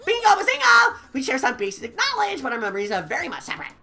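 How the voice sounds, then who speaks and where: A woman voicing a manic, unhinged female serial killer in a fan game playthrough, shrill and cackling with squealing outbursts. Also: wildly swooping pitch, fast, bright, forceful tone, soft background music, heavily acted. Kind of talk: fan voice-acting while playing a game.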